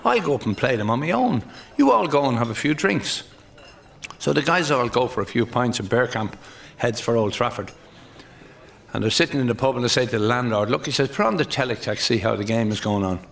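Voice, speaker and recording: Irish stand-up comic, gravelly mid-range voice, chuckles through his own gags. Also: mid-range voice, fairly bright tone. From Ireland. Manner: laughs at his own jokes; tells jokes with quick put-on voices for the characters. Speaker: stand-up comedian. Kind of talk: stand-up joke telling.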